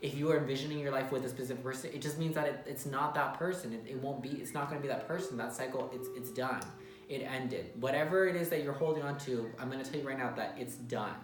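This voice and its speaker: A man's voice: mid-range voice, fast. A man giving a casual tarot reading, talking bluntly and emphatically with some swearing. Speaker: tarot reader. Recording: roomy echo with faint music.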